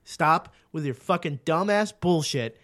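A man's voice: on the high side, animated, a little slow, fairly bright tone. A man co-hosting a podcast, ranting in casual chat with heavy profanity. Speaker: podcast co-host.

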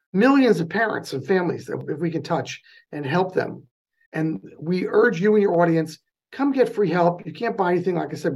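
A fast-talking man with a clear New Jersey accent, speaking as an interview guest. His voice is gravelly and slightly husky, and he runs his sentences together with lively energy. He sounds like he is on a remote interview mic. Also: on the high side. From North New Jersey. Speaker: guest, charity president. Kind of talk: casual interview.

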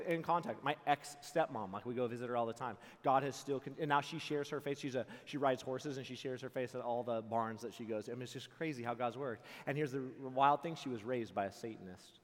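A young man giving a youth camp sermon, telling a personal story with loud jokes and hushed earnest parts. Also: medium pitch, normal speed. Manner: acts out voices in quotes, repeats words. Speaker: camp speaker. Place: large camp auditorium. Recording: long hall reverb.

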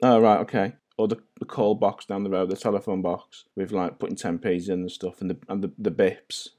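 A man's voice: low-pitched, little pitch movement, a little fast, darkish tone. A man in his forties from North Wales, with a North Welsh accent that has a Scouse-like twang, chatting over a video call as a podcast guest and telling self-deprecating stories. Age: 40s. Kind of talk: casual chat.

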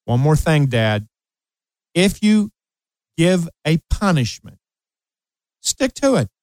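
On the high side yet darkish in tone, this man's voice is very animated and unhurried. He's a radio host and coach in his late sixties, emphatically advising parents, repeating key phrases, and sharing a personal anecdote, captured in a rough recording with no room sound.

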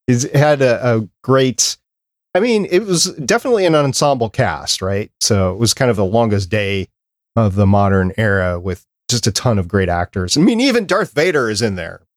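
A man's voice: fairly low pitch, sing-song, moderate pace, no echo, clean studio sound. A man hosting a casual fan podcast, chatting with enthusiasm and wrapping up the show. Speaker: podcast host.

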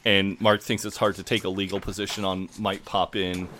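A man with a fairly low voice talks through an episode in easy podcast chat. He quotes characters' lines in a dry, offhand way. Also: flat delivery, normal speed, sharp tone, a little hiss or hum. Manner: recounts scenes, quoting lines dryly. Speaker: podcast co-host. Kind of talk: casual recap chat.

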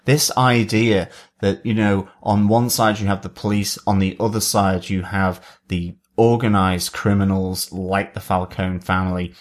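A man co-hosting a podcast, speaking in a measured, thoughtful way with many fillers. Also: sits low, little pitch movement. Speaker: podcast co-host. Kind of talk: casual podcast chat.

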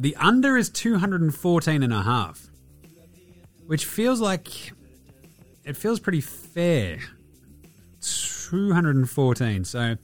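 An Australian man in his thirties hosting a casual sports podcast, sweary, irreverent and rambling. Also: medium pitch. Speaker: podcast host.

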